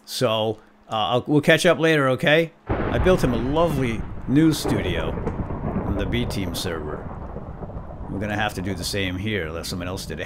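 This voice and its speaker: A man's voice: fairly low pitch, moderate pace, noisy background. A man hosting a let's play video, giving casual, jokey commentary with frequent exclamations and laughs.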